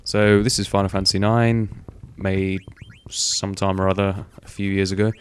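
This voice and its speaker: Low-voiced guy rambling over gameplay. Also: little pitch movement, normal speed, slight background noise. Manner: rambling, swears casually, many fillers. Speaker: gaming video host. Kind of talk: casual gameplay commentary.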